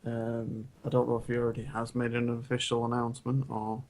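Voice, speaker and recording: A man's voice: mid-range voice, completely flat delivery, brisk, darkish tone. A man co-hosting a casual podcast, joking and incredulous. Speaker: podcast co-host. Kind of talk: casual chat.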